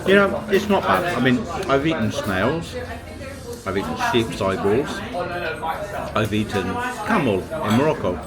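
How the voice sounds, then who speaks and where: A man's voice: medium pitch, big pitch swings, a little slow. A man casually narrating a travel vlog with dry, understated humour while tasting food at a busy outdoor market. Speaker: travel vlogger. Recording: loud crowd and music behind.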